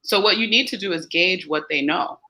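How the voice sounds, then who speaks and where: A woman pediatrician speaking as an interview guest, giving parenting advice in a casual, lively way and acting out quoted teens and parents. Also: lowish voice, brisk, rough recording.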